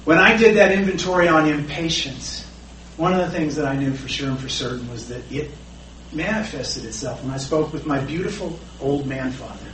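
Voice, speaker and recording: At a recovery meeting, a middle-aged man shares a candid, self-deprecating personal story. His voice is a little high and a bit bright at normal speed, and it sounds roomy and distant, with slight background noise and faint ambience.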